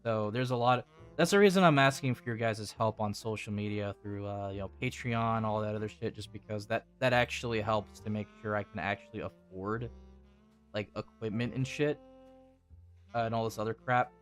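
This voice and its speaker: A man's voice: on the low side, moderate pace, faint music behind. A young man hosting his channel in casual chat, rambling and swearing, often restarting his sentences. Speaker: channel host.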